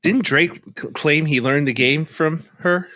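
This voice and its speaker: A man's voice: a little high, measured pace, sharp tone, no echo. A young man co-hosting a podcast, chatting casually about sports with teasing, joking banter. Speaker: podcast co-host.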